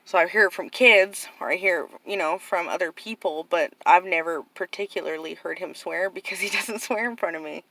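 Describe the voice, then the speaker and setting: A woman's voice: on the low side, a little fast, few pauses, noisy background. A middle-aged woman talking casually and earnestly to camera, rambling with lots of "like" and "you know". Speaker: vlogger.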